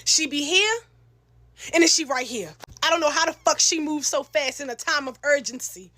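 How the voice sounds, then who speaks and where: Lively high-voiced young woman telling a story. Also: moderate pace, slight background noise. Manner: animated, slangy, acts out voices in her telling. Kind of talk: casual storytime.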